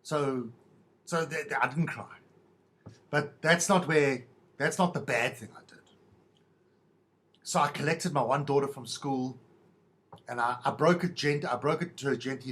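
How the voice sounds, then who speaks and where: A man's voice: a little high, lively intonation, normal speed, long pauses, fairly bright tone. A middle-aged man hosting a podcast, telling a rambling, self-mocking monologue in a wry, stop-start way. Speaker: podcast host.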